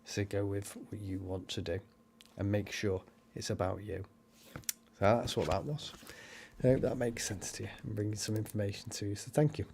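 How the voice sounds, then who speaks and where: A man's voice: on the low side, vocal fry, mellow, slightly rough. A man hosting a paranormal livestream, chatting casually and rambling as he reads cards and comments. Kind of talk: casual live-stream chat and card reading.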